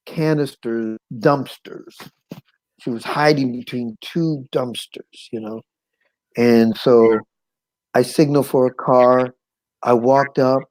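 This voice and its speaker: Male guest, middle-pitched, animated storyteller who acts out sounds and chuckles. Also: poor audio. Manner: chuckles now and then. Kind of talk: personal storytelling.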